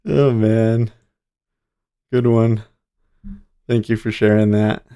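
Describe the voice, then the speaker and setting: A man hosts a day trading livestream in a casual, easygoing chat. His voice sits low with a gravelly edge. He chuckles often and talks straight to his viewers. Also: a little mellow. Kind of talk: casual live-stream chat.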